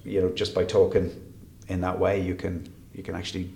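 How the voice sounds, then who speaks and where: A man's voice: sits low, monotone, fairly quick, creaky, mellow, a little hiss or hum. An Irish man chatting as a guest, rambling and often restarting his sentences. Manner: rambling, self-interrupting storyteller. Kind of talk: casual chat. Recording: roomy echo.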